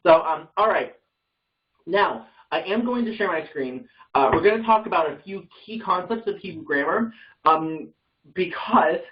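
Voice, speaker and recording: A man's voice: on the high side, far from the mic, lo-fi sound. A man leading an online Bible study class, explaining grammar casually with many fillers and self-corrections.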